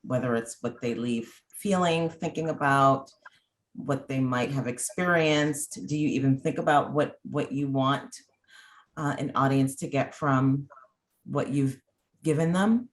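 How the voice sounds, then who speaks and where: A woman hosting an interview over a video call, thoughtful and pausing often with ums. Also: very deep voice. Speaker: host.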